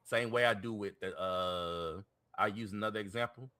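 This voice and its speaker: Podcast co-host, male, low-ish bright voice, loose repetitive slangy delivery. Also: normal speed. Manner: rambling, repeats words, slangy. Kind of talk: casual chat.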